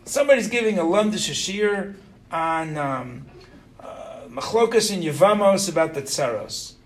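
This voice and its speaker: A middle-aged man teaching an informal religious lesson to students. He is animated, keeps quizzing the class and tags his points with "right?". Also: high-pitched, measured pace.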